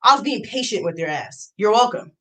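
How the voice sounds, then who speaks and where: A woman's voice: medium pitch, lively intonation, brisk, bright, forceful tone. A young adult woman on a livestream, ranting in a heated, profane way and repeating lines for emphasis. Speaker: YouTube streamer.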